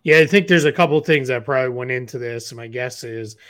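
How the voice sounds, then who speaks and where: A man's voice: medium pitch, fairly quick, fairly bright tone. A man with a Boston accent co-hosting a basketball podcast, explaining news in a casual, filler-heavy way. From Boston area. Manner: explanatory, frequent fillers and restarts. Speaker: podcast co-host, basketball analyst. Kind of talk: casual sports chat.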